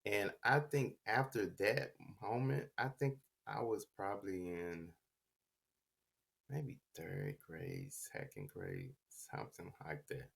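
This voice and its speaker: A man's voice: deep voice, animated, slow pace, vocal fry, fairly bright tone. A man telling his own story on a podcast in a reflective, confessional way, stuttering and restarting words as he goes. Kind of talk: personal storytelling.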